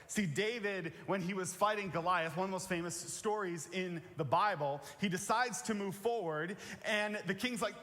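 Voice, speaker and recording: A man's voice: high-pitched, normal speed, hardly any pauses, sharp tone. A man preaching a conversational sermon as a pastor, earnest and plain-spoken, repeating his key phrases. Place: church sanctuary. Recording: reverberant church hall.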